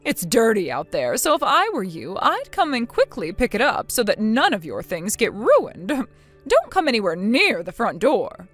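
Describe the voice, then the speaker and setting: Heavily acted and scornful, a synthetic female voice portrays a bossy, spiteful older mother-in-law in a text-chat story. She scolds contemptuously at normal speed with a lively pitch, over soft background music.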